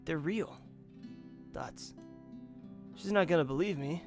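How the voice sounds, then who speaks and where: A man's voice: fairly high pitch, takes it slowly. A young man with a slightly raised voice reads a game's story aloud, then chats casually and swears freely. Faint music sits behind him. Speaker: let's play host. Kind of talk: reading a visual novel aloud.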